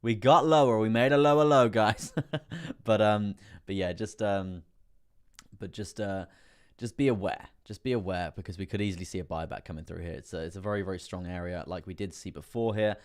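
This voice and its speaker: A man hosting a live trading stream, chatty and rambling with many fillers, laughing often and getting excitable as prices move. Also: sits low, a little fast. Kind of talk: live stream market commentary.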